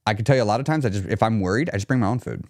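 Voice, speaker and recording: A man coaching on weight loss during a live chat stream, blunt and emphatic, repeating his key points, and going quieter when he talks about himself. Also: on the low side, expressive, racing, no echo, clean studio sound.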